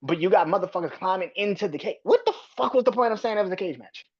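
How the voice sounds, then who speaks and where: A man's voice: sits high, lively intonation, quick pace, darkish tone, husky. Profane ranting man on a lo-fi mic. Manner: profane, ranting, repetitive restarts. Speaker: podcast host. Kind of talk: solo wrestling review podcast.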